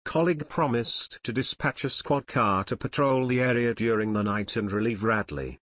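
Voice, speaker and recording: A man's voice: mid-range voice, sing-song, moderate pace, fairly bright tone, no echo. Man narrating an audiobook, dry and close. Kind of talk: scripted narration.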